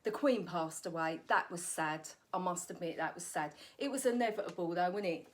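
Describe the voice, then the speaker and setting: A woman's voice: lowish voice, normal speed. A woman, a comedian delivering a rambling comic monologue and correcting herself as she goes. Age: 40s. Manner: rambling, cheeky, self-correcting.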